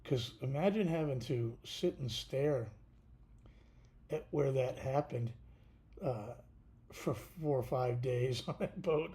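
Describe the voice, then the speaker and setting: A tired man hosting a casual livestream, talking haltingly with many fillers and restarts. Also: medium pitch, mellow. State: tired, yawning. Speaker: podcast host.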